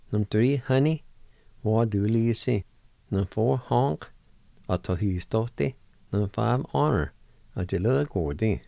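A middle-aged man hosting a language lesson, spelling words letter by letter and repeating each one slowly. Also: on the low side, creaky, mellow, no room sound. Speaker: radio host teaching words. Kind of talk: slow word-by-word language lesson.

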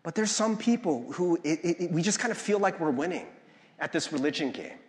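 A man's voice: fairly high pitch, lively intonation, a little fast, darkish tone. A male pastor giving a conversational sermon, often checking in with "right?" and acting out the voices he quotes. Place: church sanctuary. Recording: long hall reverb.

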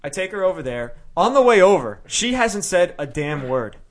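A man's voice: high voice, normal speed. A man telling a long story in casual podcast chat, acting out what he and others said. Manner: animated storyteller acting out his own quotes. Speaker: storyteller guest.

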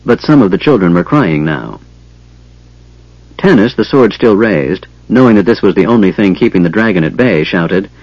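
A man narrating an audiobook in a measured, expressive manner. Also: sits low, husky, no room sound, muffled recording. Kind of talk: scripted narration.

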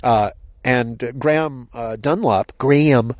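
A podcast co-host talking casually outdoors, rambling with frequent restarts. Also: male voice, mid-range voice, takes it slowly, darkish tone, no echo, studio quality. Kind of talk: casual chat. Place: outdoors on a hill.

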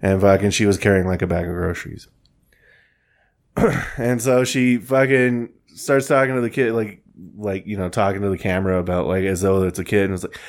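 A man's voice: lowish voice, steady tone, brisk. A man telling a rambling, profanity-laced story in casual podcast chat.

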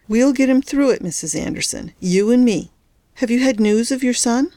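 A firm, no-nonsense hospital nurse, voiced by a woman narrating an audiobook, speaks in a clipped, disapproving way. The voice sits a little higher than the reader's own. The recording is dry and close. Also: normal speed, mellow, no room sound, lightly acted. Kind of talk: audiobook character voice.

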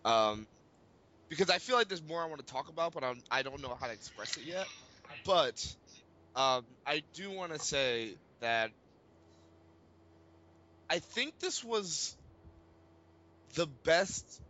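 A man co-hosting a podcast, talking casually about a film, animated and swearing freely while searching for words. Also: a little high, unhurried, long pauses, muffled recording, slight background noise. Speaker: podcast co-host.

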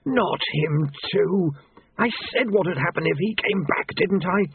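A man's voice: high-pitched, a little slow, slightly rough, dry recording, voice pushed up, full character voice. A man reading an audiobook, putting on a whining, nagging woman for Famine. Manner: nagging, complaining. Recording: tinny lo-fi phone-like audio.

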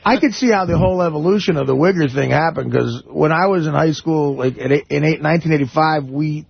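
A laid-back male co-host with a gravelly, husky voice and lots of pitch movement. The studio audio is dry and lo-fi. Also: brisk, no echo. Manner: laid-back, says "man" a lot. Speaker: radio co-host. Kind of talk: casual radio banter.

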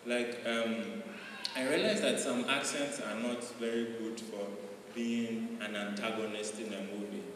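A man's voice: on the low side, steady tone, unhurried. A man doing stand-up comedy with a loose, chatty delivery full of fillers. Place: live comedy venue. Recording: roomy hall, far from the mic, noisy.

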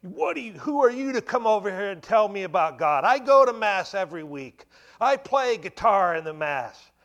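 A man doing a small, older churchgoing father who bristles with indignation. His voice climbs high and loud, and the words tumble out in sputtering outrage. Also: moderate pace, creaky, lo-fi sound. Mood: indignant.

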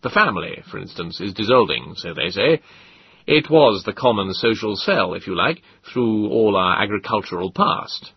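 A man voicing an earnest, persuasive middle-aged male government official in an audiobook, lecturing in a husky voice. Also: on the low side, animated, moderate pace, dry recording, heavily acted. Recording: dull lo-fi dry audiobook.

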